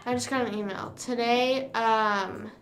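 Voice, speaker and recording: A woman's voice: a little high, fairly even intonation, unhurried, a bit bright, slight background noise. A woman live streaming in casual chat, rambling and venting with casual swearing.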